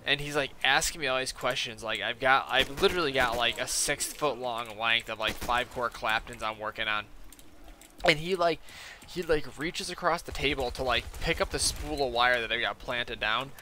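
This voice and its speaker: A man's voice: medium pitch, moderate pace, bright, forceful tone, slight background noise. A young man streaming a game, chatting casually in a rambling, profane way full of fillers. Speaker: gaming streamer. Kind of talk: casual chat while playing a game.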